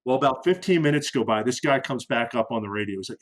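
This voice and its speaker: A middle-aged man with a voice pitched in the ordinary middle range, telling combat stories in a loose, chatty podcast interview. He restarts sentences a lot and swears casually. His voice climbs sharply whenever he acts out the radio chatter. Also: fast. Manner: animated storyteller who acts out radio calls with sudden loud raised lines; frequent restarts and fillers, profane casual military slang. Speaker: podcast guest, former fighter aircrew.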